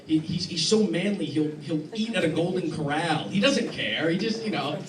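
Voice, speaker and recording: A man performing a deadpan stand-up set in a club, halting and restarting often, recorded by a phone in the crowd. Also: on the high side, reverberant, recorded from a distance, a little hiss or hum. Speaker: stand-up comedian. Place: club hall with live audience laughing.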